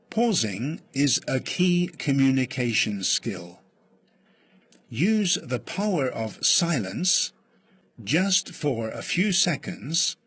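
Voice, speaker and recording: A man reading a lesson script aloud slowly and deliberately, with long pauses, as a reading teacher. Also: mid-range voice, fairly bright tone, slightly rough. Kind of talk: slow scripted read-aloud.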